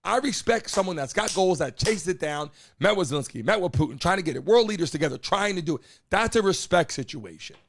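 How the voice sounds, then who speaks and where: A man hosting a live stream, giving forceful political commentary that is full of swearing and direct appeals to his chat. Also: sits high, lively intonation, a little fast, hardly any pauses. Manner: emphatic, talks straight to viewers, swears often; repeats lines, asks chat to respond. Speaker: live show host.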